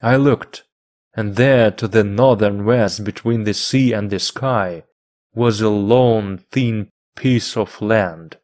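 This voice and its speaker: Brief: male English teacher, low voice, very slow, deliberate reading for learners. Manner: measured, even phrasing for learners.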